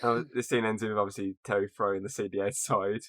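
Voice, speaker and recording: A man's voice: on the low side, steady tone, fast talker, fairly bright tone. A man hosting a casual podcast, recapping a film's plot and laughing often. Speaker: podcast host recapping a film. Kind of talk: casual chat.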